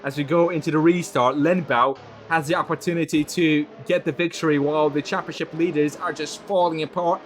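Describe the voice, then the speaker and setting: Excitable high-voiced male race commentator. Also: brisk, few pauses, faint music behind. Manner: excitable, voice climbs when cars crash. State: losing his voice. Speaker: lead commentator. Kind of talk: sim racing commentary.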